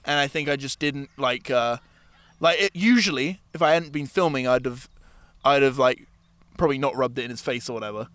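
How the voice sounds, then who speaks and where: A man's voice: mid-range voice, fairly quick, dry recording. A man hosting a casual podcast chat, telling a story with lots of swearing and acted-out voices. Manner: animated storyteller, swears freely, acts out voices. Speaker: podcast host.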